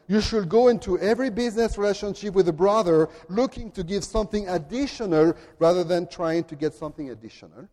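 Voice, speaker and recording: A male pastor preaching a sermon in a large church, emphatic, building up to loud declarations. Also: high voice. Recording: long reverb of a church hall.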